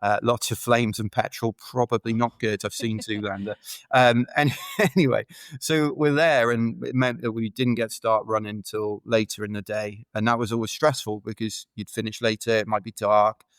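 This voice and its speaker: Speaking at a moderate pace with a steady tone, the UK podcast guest has a fairly low-pitched voice and no echo around it. He's an ultra runner in a relaxed interview, rambling through chatty anecdotes full of fillers.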